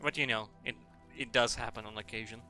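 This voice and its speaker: A man from Russia with a mixed Russian, French and English accent, chatting playfully while streaming a game, rambling with bursts of excitement. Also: medium pitch, brisk, soft background music. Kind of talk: casual gameplay commentary.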